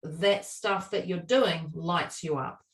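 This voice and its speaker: A woman co-hosting a casual podcast chat, a lively storyteller who laughs often and acts out the lines she quotes. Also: fairly low pitch, slow, roomy sound, recorded from a distance. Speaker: podcast co-host.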